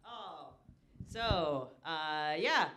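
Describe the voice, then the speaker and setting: A woman in her twenties doing live stand-up on a comedy stage. She rambles fast and pokes fun at herself, and her voice sits a little low for a woman. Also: expressive, pushed and bright, slight background noise. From Kansas. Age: 20s. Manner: fast, rambling, self-deprecating.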